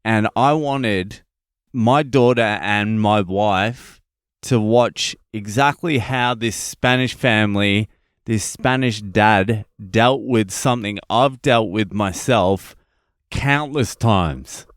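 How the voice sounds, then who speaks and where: An Australian man tells a comic story into a close podcast mic with a smooth, clear voice. He takes his time, swears freely and punches every point with emphasis. The sound is dry, with no room behind it. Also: lowish voice, slow pace, no room sound. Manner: animated, profane, emphatic. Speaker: podcast host, comedian. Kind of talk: casual comedic storytelling monologue.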